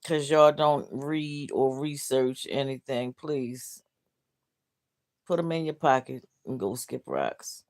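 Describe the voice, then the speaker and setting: Her voice rumbles low with a darkish tone, and she speaks slowly. The middle-aged livestream host, downcast and heartbroken, reads comments aloud bluntly, laughing and swearing as she goes.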